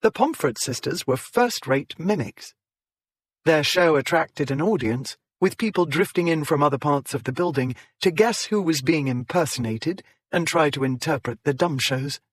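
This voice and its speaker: A man with a fairly high voice narrates a historical romance in a measured, storytelling way. The recording is close and dry, with no room sound. He lifts his voice higher whenever he speaks for a character. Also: expressive, dry recording. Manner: measured storytelling, voicing characters with raised pitch. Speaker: audiobook narrator. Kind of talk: scripted narration.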